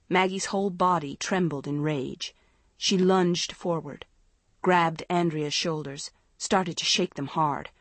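A woman narrating a story in a measured, expressive reading. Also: on the low side, no room sound. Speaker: audiobook narrator. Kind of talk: scripted narration.

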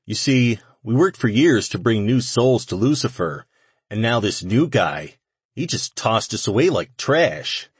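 A man reading the part of an eager young man who schemes to summon a demon, in a low, husky voice. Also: sing-song, unhurried, no echo, full character voice. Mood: earnest.

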